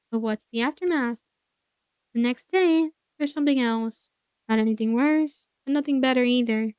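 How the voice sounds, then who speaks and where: A woman's voice: high voice, dark tone, no echo, studio quality, lightly acted. A woman voicing a jaded woman who finds humans dull, in a sardonic, weary tone.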